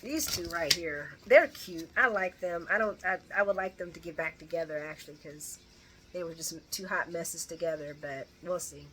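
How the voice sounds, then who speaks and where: A woman's voice: lowish voice, normal speed, sharp tone, slight background noise. A woman casually recapping a soap opera episode, rambling with restarts and asides. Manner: chatty, rambling with frequent restarts and laughs.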